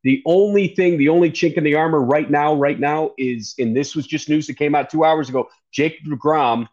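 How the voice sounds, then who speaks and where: A man talking baseball casually as the show's analyst, quick and chatty, often correcting himself. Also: on the high side, a little mellow, lo-fi sound. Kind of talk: casual sports talk.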